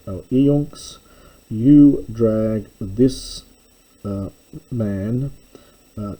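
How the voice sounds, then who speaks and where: A man reading through a classical text line by line and explaining it, measured and thinking aloud, stopping often to correct himself. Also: fairly low pitch, warm tone, poor audio. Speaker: classics lecturer.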